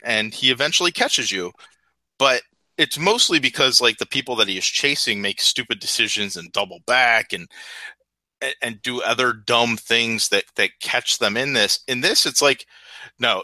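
A man talking over a movie on a podcast, blunt and quick to laugh. His voice is sharp and very bright. It is recorded dry and close. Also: medium pitch, no echo, low-quality recording. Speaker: podcast co-host. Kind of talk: casual movie review chat.

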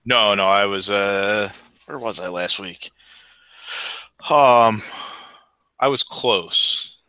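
A man in a relaxed, casual podcast chat, dotting his speech with ums and uhs. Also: lowish voice, very slow, clear, resonant tone, no echo, poor audio. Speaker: podcast co-host. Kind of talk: casual chat over a video call.

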